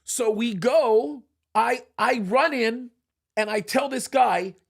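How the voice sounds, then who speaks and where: Male studio host, high voice, animated storyteller who acts out dialogue. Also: slow, gravelly. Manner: animated, acts out quoted speech. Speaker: show host.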